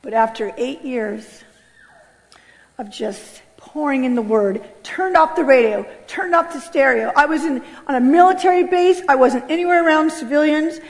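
A middle-aged woman giving an animated spoken testimony in a church, acting out the voices in her story. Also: sits high, moderate pace. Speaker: testimony speaker. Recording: long hall reverb.

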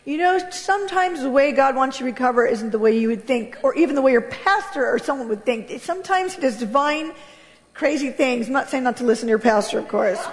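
Woman telling her church testimony, high voice, lively and dramatic, big hall echo. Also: a little fast. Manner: animated storyteller, acting out quotes with laughs. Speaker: speaker sharing her testimony. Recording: long reverb of a large hall.

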